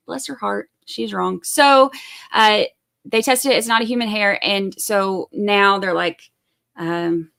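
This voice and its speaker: A woman chats loosely with her stream viewers, wandering through asides and fillers. Her voice sits at a middling pitch with a gravelly, creaky texture. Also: slow pace, fairly bright tone. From Georgia. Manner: chatty and rambling, full of fillers and asides. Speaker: true crime live stream host. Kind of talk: casual live-stream chat with viewers.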